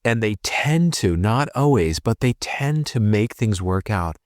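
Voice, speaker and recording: Podcast guest, a man: teary and earnest, fast and rambling, with a low, lively voice. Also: no room sound, studio quality. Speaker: podcast guest, tutoring expert. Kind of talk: emotional conversational storytelling.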